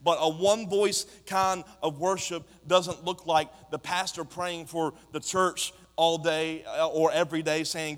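A man preaching a sermon to a congregation, talking in a passionate way that builds to shouts. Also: on the high side, fairly even intonation, normal speed, few pauses. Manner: impassioned, rising to shouts. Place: church sanctuary. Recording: long hall reverb.

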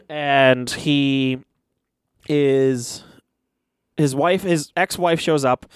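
Young man, casual storyteller, swears a lot, mid pitch, dry close mic. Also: extremely slow, clean tone, dry recording. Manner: animated, swears often, acts out quotes. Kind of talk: casual chat, retelling a movie.

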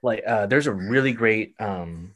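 Casting: lower-pitched man, casual podcast host, eager, trips over his words. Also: a bit bright. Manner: enthusiastic, halting with restarts. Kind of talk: casual chat.

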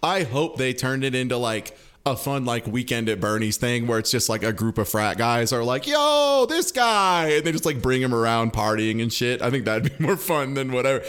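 A man's voice: mid-range voice, fairly even intonation, a little fast, hardly any pauses, a bit bright, clean tone. A young man co-hosting a podcast, laid-back and joking as he picks apart a TV episode. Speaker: podcast co-host. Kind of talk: casual chat recapping a TV episode.

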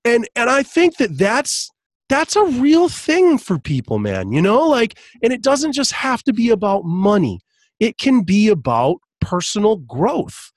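A man with a somewhat high voice rambles through a story on a casual podcast. He restarts his sentences often and chuckles as he goes, recorded dry and close. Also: sing-song, measured pace, dry recording. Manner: laughs while telling stories.

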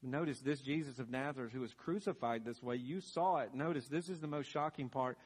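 A man's voice: mid-range voice, a little fast, a little mellow, husky. A man preaching a sermon as pastor, telling the story dramatically and building to emphatic peaks. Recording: long reverb of a large hall.

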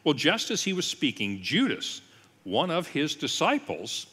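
Animated, bright-voiced pastor in a hall. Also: male voice, a little high, unhurried, slightly rough. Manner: lively storytelling with asides and voiced quotes. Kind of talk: sermon-style Bible teaching.

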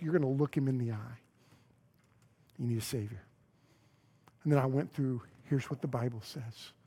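A male pastor giving a sermon, telling a story with acted-out dialogue and dropping to a hush on key lines. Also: mid-range voice, husky.

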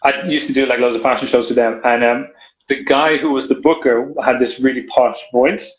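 A man, a professional dancer, chatting on a podcast and telling stories with quick laughs and many fillers. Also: medium pitch, fairly even intonation. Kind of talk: casual podcast chat. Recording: roomy echo.

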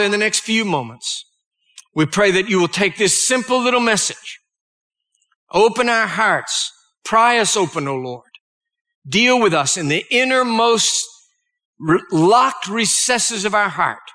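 A man delivers a sermon in a high-pitched voice. His tone is bright and forceful as he reads scripture aloud. He pauses to explain passages and leads his listeners in prayer. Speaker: pastor.

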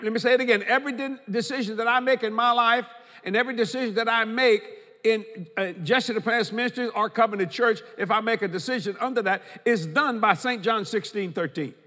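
A man preaching in a church with a high, bright, ringing voice. He drives his points home by repeating lines and reading scripture aloud. The sound carries a long hall reverb. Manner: preaching with emphatic repetition, quoting scripture. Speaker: pastor. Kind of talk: sermon.

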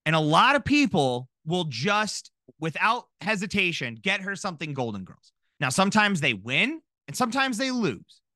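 A man in his thirties chatting on a podcast, his voice high and bright. He swings up and down with lively energy, joking at his own expense. The sound is close and dry. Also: moderate pace, hardly any pauses, no echo. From Minnesota. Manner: animated, jokey, self-deprecating. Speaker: podcast co-host. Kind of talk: casual chat.

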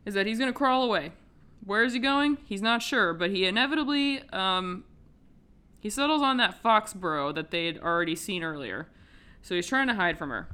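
A woman's voice: mid-range voice, bright, forceful tone, clear, resonant tone. A woman hosting a podcast, casually retelling a film's plot with lots of swearing and filler words. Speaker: podcast host. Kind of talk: casual film recap.

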